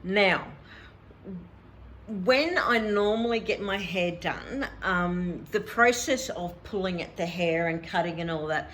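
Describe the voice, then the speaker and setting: A woman's voice: lowish voice, slow, fairly bright tone, slight background noise. A middle-aged woman, chatting casually as a vlog host and laughing often as she tells a story. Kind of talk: casual chat.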